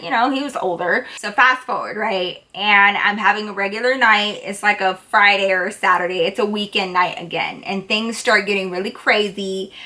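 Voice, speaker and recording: Brief: young woman, storytime vlogger, bright forward voice, animated and chatty. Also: medium pitch. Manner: chatty, animated, peppered with "like" and "y'all". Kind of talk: casual storytelling.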